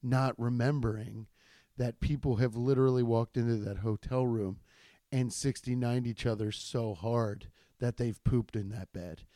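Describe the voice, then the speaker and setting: A man's voice: mid-range voice, fairly even intonation, unhurried, warm tone, dry recording, clean studio sound. A man, a stand-up comedian, telling rambling, profane stories in a casual chat with many restarts. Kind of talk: casual storytelling podcast.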